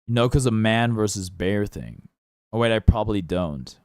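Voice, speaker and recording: A man's voice: lowish voice, expressive, normal speed, a little mellow, no room sound, studio quality. A man streaming a game, joking crudely and chatting casually with his viewers. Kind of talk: casual gameplay commentary.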